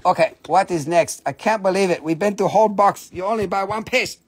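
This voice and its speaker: A man's voice: sits high, a little fast, slightly rough. A man putting on a pushy broken-English market seller. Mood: mock-scolding. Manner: wheedling, chopped broken-English sales patter.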